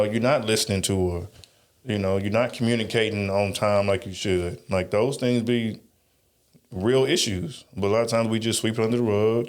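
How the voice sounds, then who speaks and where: A man co-hosting a podcast in casual chat, talking emphatically and often repeating his agreement. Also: on the low side. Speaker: podcast co-host.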